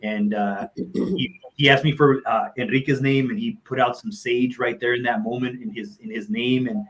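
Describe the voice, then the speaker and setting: A man's voice: mid-range voice, fairly even intonation, normal speed, poor audio. A man, a motivational speaker and coach, telling personal stories on a live talk show in a heartfelt, earnest way and repeating phrases for emphasis.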